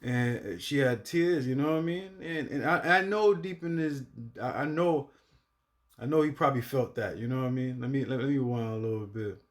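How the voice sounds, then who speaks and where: A man's voice: moderate pace, a little hiss or hum. Slangy, swearing male reaction host. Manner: loose slangy talk with frequent swearing and "you know what I mean"; bursts into loud, high exclamations. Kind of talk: casual reaction commentary.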